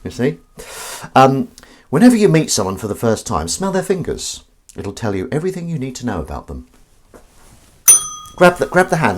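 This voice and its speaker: A man's voice: medium pitch, sing-song, a little fast. A man hosting a casual livestream while washing up, punning and mocking himself as he chats to viewers. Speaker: livestream host. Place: home kitchen.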